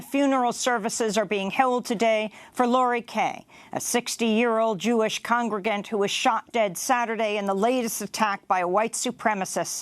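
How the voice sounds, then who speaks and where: A woman's voice: mid-range voice, no room sound. Woman reading the news, dry studio. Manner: measured, even, formal delivery. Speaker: news anchor.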